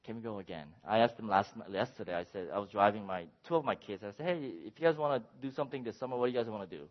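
A middle-aged man preaching a sermon as pastor, conversational with restarts, at times rising to impassioned shouting. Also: on the low side, rapid-fire. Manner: builds to impassioned shouting, then apologizes. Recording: dull lo-fi sound.

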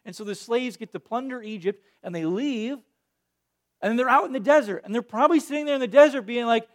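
A man preaching a sermon, reading scripture and then retelling it in a lively way, acting out the quoted voices. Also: very high voice, a little fast. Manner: animated, acts out quoted voices. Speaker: pastor.

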